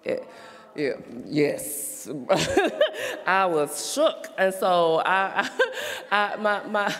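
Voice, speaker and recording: A woman in her thirties sharing a church testimony, telling her story with lots of laughter and dropping to soft, confessional tones. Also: mid-range voice, wildly swooping pitch, drawn-out words. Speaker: speaker giving a testimony. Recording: long reverb of a hall.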